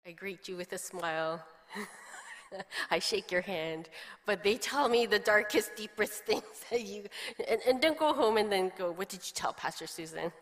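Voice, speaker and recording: A woman's voice: medium pitch, measured pace, fairly bright tone. A middle-aged woman pastor giving a chatty sermon, telling stories and slipping into quoted voices, often laughing. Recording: long hall reverb.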